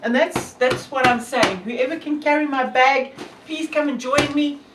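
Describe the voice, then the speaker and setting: A woman's voice: sits high, a little slow, roomy sound, recorded from a distance, background noise. A woman from South Africa with a South African accent, talking earnestly and devoutly to camera with many fillers. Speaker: hiker and vlogger. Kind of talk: casual talk to camera.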